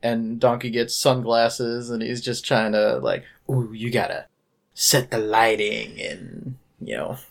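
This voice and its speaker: A man hosting a laid-back podcast, recapping a show in an easygoing, mid-pitched voice. He keeps it lively, dropping into quick voices for the characters as he retells each scene. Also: gravelly. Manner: animated retelling, mimics characters' lines. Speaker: podcast host. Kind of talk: casual chat recapping a musical.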